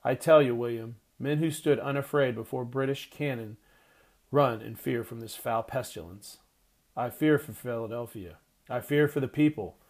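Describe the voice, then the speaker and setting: A man's voice: medium pitch, normal speed, a little mellow, lightly acted. A man reading the part of an older male merchant who gives gloomy, worried warnings.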